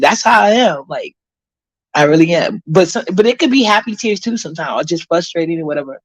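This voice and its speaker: This vlogger from Harlem, New York reads her viewers' comments in a casual chat, rambling bluntly and profanely with plenty of fillers. Her lowish voice is brisk with lively intonation, and there is no room sound.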